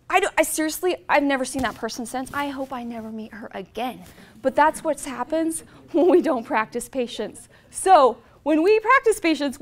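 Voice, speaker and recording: A woman in her forties giving an inspirational presentation to a live audience, telling heartfelt stories in an animated way. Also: sits high. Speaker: motivational speaker.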